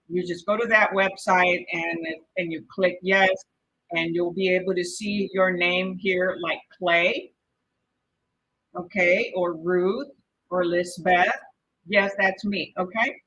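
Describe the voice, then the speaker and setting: A woman's voice: lowish voice, fairly bright tone, dull audio, slight background noise. A woman with a Mexican Spanish accent teaching a live-streamed exam prep lesson, chatty and encouraging, often checking in with "okay?". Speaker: real estate exam prep instructor.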